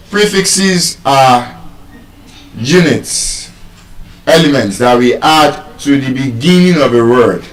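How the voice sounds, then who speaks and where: A man with a Nigerian English accent teaching public speaking and word stress, slow and deliberate, spelling words out letter by letter. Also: mid-range voice, far from the mic. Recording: echoey room, speaker off-mic.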